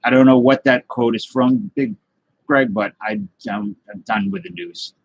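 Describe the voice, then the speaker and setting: A man's voice: medium pitch, moderate pace, dry recording, low-quality recording. A man hosting a casual live stream, rambling loosely and greeting viewers by name as he reads their comments. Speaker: livestream host.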